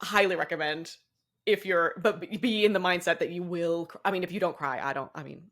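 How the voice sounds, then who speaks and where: A young woman chats casually as a podcast co-host. She rambles, cuts herself off mid-thought and breaks into laughter often. Her voice sits a little low. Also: a little fast, a bit bright. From Boston area, US. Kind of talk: casual chat.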